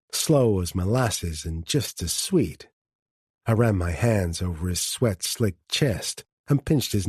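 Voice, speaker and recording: A man reading an audiobook in a measured first-person narration. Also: lowish voice, warm tone, husky, no echo, clean studio sound. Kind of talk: scripted narration.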